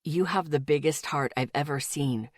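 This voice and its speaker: Audiobook: woman voicing a protective young boyfriend, hushed and earnest, deeper than her own voice. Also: normal speed, no room sound, studio quality. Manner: low, soft and intimate, often murmured. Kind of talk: audiobook character voice.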